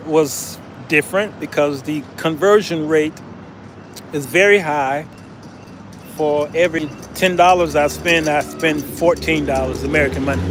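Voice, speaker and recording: A man's voice: on the high side, slight background noise. Chuckling man. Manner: chuckles often, chatty and animated. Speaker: vlogger. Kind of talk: casual travel vlog talk.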